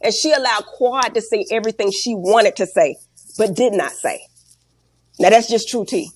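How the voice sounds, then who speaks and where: A woman's voice: mid-range voice, normal speed, slightly rough. A woman in her forties telling a story bluntly and animatedly in an interview, with slang and profanity, emotional and close to tears. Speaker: guest. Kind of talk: candid interview talk.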